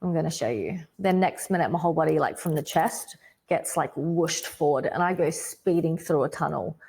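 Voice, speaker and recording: A woman with an Australian accent tells her faith testimony on a podcast, her voice sitting a little low for a woman. She tells it vividly and dramatically, leaning on "like" and breaking into sudden loud bursts. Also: moderate pace, gravelly. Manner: vivid storytelling, says "like" a lot. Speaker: podcast guest.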